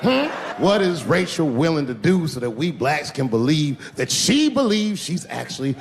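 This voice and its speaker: A man doing a stand-up comedy routine on a theater stage, animated and breaking into loud, high outbursts. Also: moderate pace, big-room sound.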